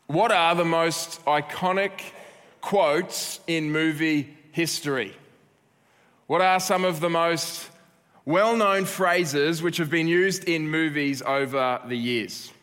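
Pastor preaching with joking asides. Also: male voice, fairly high pitch, takes it slowly, a bit bright, clear, resonant tone, big-room sound. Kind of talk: sermon.

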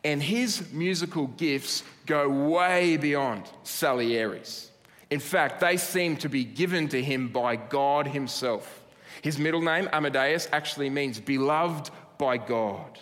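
A man's voice: fairly high pitch, slow, a bit bright. A man preaching a sermon in an earnest way, building emphasis through repeated phrases. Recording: long hall reverb.

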